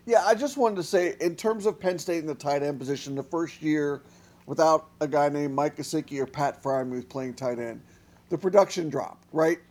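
Emphatic, higher-voiced male sports analyst. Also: normal speed, a little mellow. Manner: emphatic, talks with filler tags like "right?". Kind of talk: casual sports talk.

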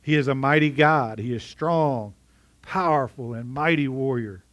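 A man's voice: mid-range voice, unhurried, fairly bright tone. A middle-aged man preaching a sermon in a conversational way, often asking his congregation questions. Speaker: pastor.

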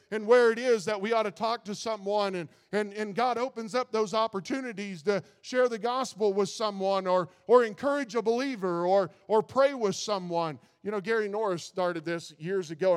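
A man's voice: sits high, smooth, in a large hall. A man preaching a sermon in a folksy way, often stumbling over and repeating his words. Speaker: pastor.

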